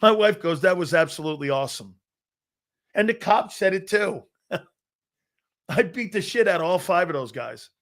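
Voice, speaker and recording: Brash, higher-voiced man in his fifties. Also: expressive, a little slow, a bit bright. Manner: brash, boastful storytelling with lots of restarts and acted-out quotes. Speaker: sports talk show host. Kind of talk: casual sports talk storytelling.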